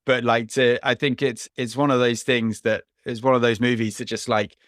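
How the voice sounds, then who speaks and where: A man's voice: mid-range voice, flat delivery, moderate pace, fairly bright tone, dry recording, studio quality. A man co-hosting a podcast, talking casually and at length about a film, with frequent restarts and small laughs. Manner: rambling, restarts often, chuckles. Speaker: podcast co-host.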